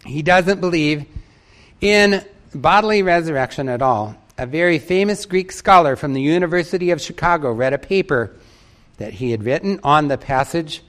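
A man's voice: on the high side, fairly bright tone. Emphatic man preaching a sermon. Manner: emphatic, repeats key phrases for stress. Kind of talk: sermon with a read-out story.

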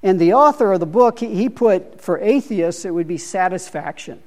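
A middle-aged man leads a Bible study group in a high, expressive, slightly mellow voice at normal speed. He thinks aloud hesitantly, restarting often and repeating words as he works through ideas.

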